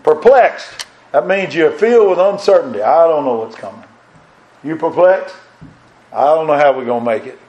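An older pastor preaches a folksy sermon, his slightly high voice climbing on emphatic lines. He keeps putting questions to his congregation. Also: animated, a little fast, darkish tone, dull audio.

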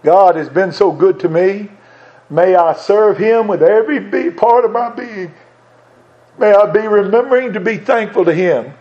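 Older male preacher, high voice, earnest and emphatic sermon delivery, muffled lo-fi recording. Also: moderate pace, darkish tone. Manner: earnest, emphatic, repeats phrases for stress.

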